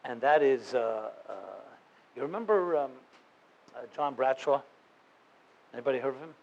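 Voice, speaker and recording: A man's voice: medium pitch, moderate pace, darkish tone, dull audio. Earnest man telling a story to an audience. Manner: earnest, conversational, full of fillers and restarts. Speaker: rabbi and guest speaker. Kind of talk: storytelling talk to a live audience.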